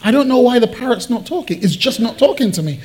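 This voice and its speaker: A man's voice: extremely high pitch, expressive, quick pace, a little mellow, voice pushed up. A man voicing a complaining male pet shop customer in a joke, whining and exasperated.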